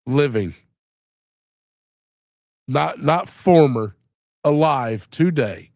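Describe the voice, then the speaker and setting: A man's voice: mid-range voice, lively intonation, drawn-out words, darkish tone, no room sound, clean studio sound. A man hosting a live stream, chatting casually in a rambling, joking way with plenty of swearing while he sounds sick and tired. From Louisiana. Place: home room.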